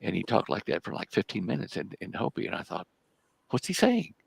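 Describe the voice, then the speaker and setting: An older man, a guest on a live talk show, telling a long story in a halting way and repeating words as he goes. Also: deep voice, gravelly, husky. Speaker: guest researcher.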